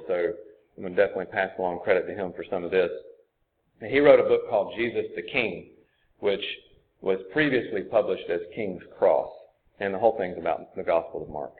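A man's voice: deep voice, slight background noise. A man preaching a sermon, earnest and conversational, often thinking aloud as he goes. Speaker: pastor. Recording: tinny phone-like sound.

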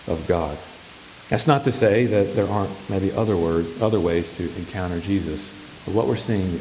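A man's voice: deep voice, darkish tone. A male pastor preaching a sermon, asking the congregation questions and answering them himself. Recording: echoey hall with faint hiss.

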